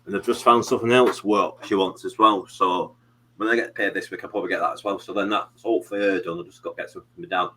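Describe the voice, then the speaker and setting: A man's voice: low voice, fairly even intonation, quick pace, sharp tone, a little hiss or hum, rough recording. A British man hosting a live stream, chatting casually in a rambling way with many fillers. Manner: rambling, many fillers and "you know what I mean". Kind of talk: casual chat.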